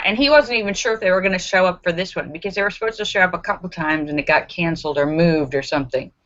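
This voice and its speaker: A woman's voice: on the low side, a bit bright, dull audio. A woman hosting a live stream, chatty, greeting viewers by name and reading out their jokes.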